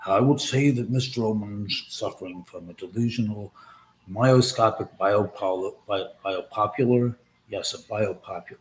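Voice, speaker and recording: A man putting on a famous actor's deep, solemn delivery for a mock diagnosis. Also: normal speed, a little hiss or hum, close to an everyday voice, rough recording. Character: older man doing a famed film actor's deep grave voice.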